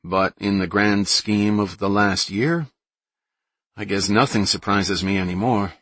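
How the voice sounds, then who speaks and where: A man's voice: lowish voice, fairly even intonation, a little slow, a bit bright, no echo. A man reading an eager young man who asks earnest, hesitant questions, in an audiobook.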